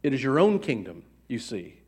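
A man voicing a wise old male traveler who speaks slowly and calmly in a storybook reading. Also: mid-range voice, slightly rough, voice pushed down.

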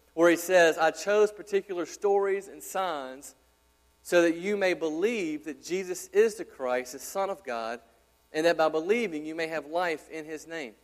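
A man in his thirties, a pastor, preaching an emphatic sermon with repeated rhetorical questions. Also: on the high side. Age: 30s. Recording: long hall reverb.

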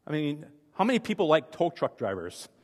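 A man's voice: on the high side, very animated, fairly quick, breathy edge. Chatty preacher man in echoing hall. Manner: chatty, self-deprecating, frequent restarts. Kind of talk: conversational sermon with personal stories.

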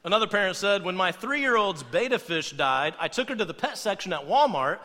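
A man preaching a humorous sermon, playful and animated, acting out quoted voices as he goes. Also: high-pitched, a little fast, big-room sound. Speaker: pastor.

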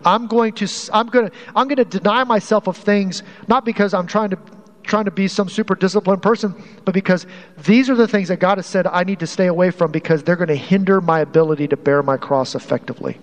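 A man's voice: sits high, fast talker, in a large hall. A man preaching a sermon as pastor in a conversational way, often restarting and repeating phrases to drive a point home.

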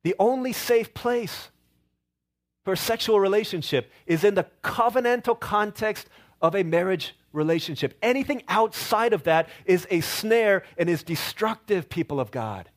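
A man's voice: sits high, animated, moderate pace. A middle-aged male pastor preaching a sermon, telling stories with playful quoted voices and asides.

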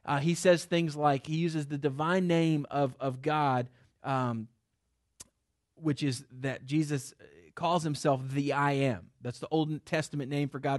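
A man's voice: on the high side, no room sound, clean studio sound. A man teaching a small group about the Gospels in a loose, conversational way, with many fillers and restarts. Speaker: Bible teacher. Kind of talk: classroom Bible lesson. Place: room with a small group of listeners.

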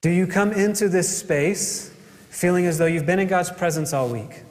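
Man, pastor, sermon, earnest, rhetorical questions, fairly high voice, hall reverb. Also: moderate pace, a little mellow.

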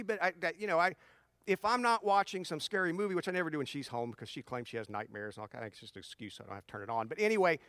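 A man's voice: a little high, no room sound, studio quality. A middle-aged man giving casual advice to his audience. He mixes in personal stories and often restarts his sentences. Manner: animated storyteller with frequent restarts. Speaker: speaker addressing his audience.

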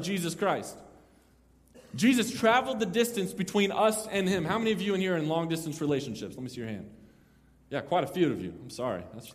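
A young man preaching to a roomful of listeners, swinging between loud, slow emphasis and quiet joking asides. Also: mid-range voice. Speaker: pastor. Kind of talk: sermon. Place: large room with an audience. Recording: long hall reverb.

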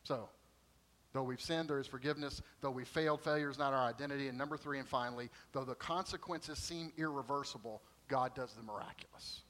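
A middle-aged man preaching a sermon, telling stories in an animated way and acting out quoted voices. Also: medium pitch, a little fast, poor audio. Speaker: pastor.

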